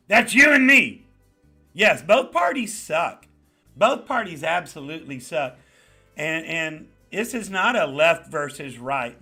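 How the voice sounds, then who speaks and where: This is a man with a New York accent hosting a live chat, his voice bright and forceful and sitting a little high. He talks casually, hammers points home by repeating them, and greets viewers one by one. Faint music plays underneath. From the Bronx. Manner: animated, greets viewers by name, emphatic repetition. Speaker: livestream host.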